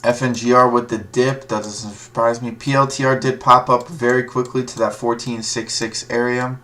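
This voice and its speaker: A man's voice: mid-range voice, little pitch movement, moderate pace, pushed and bright. A man streaming live, giving casual, rambling commentary on stock moves as he reads tickers aloud. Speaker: livestream stock trader.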